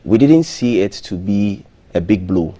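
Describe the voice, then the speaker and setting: A man, a hotel marketing manager, interviewed as a guest on a live breakfast TV show, speaking in a measured way with frequent ums and restarts. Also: on the low side, lively intonation, warm tone. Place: TV studio.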